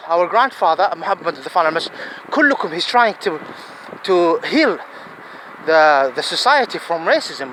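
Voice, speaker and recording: In poor audio with heavy wind noise buffeting the mic, a fairly high-voiced vlogger whose first language is Arabic delivers an earnest, casual monologue outdoors in a city. His talk digresses, doubles back and repeats phrases.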